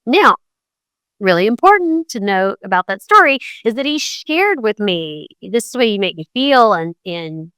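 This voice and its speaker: A middle-aged woman hosting a podcast, talking casually and acting out the quoted tones of voice with big jumps in pitch. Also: very animated, normal speed, a bit bright, smooth, no room sound. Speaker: podcast host. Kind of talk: conversational monologue on communication.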